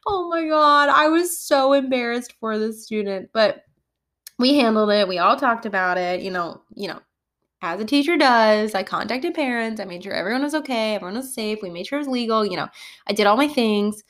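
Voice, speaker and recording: A woman schoolteacher telling classroom stories on a casual podcast. She talks in an animated way, laughs often and keeps exclaiming "oh my goodness.". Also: on the high side, a little fast.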